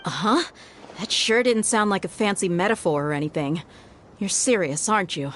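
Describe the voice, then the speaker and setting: A woman voicing a young female ally in a game, gentle and coaxing. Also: medium pitch, moderate pace, a little hiss or hum, close to an everyday voice. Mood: skeptical.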